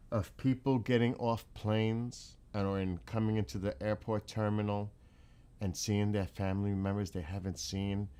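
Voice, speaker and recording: Host, man, lowish pitch, excitable and expressive in casual chat. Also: smooth. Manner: excitable, exclaims often. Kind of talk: casual live-stream chat.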